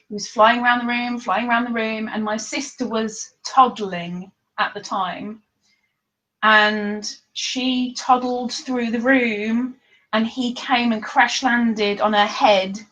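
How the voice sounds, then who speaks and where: A woman with a slightly high voice chats unhurriedly through a casual live stream, reading viewers' comments aloud as she goes. She laughs often and keeps a relaxed, easygoing flow. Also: rough recording. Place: living room at home.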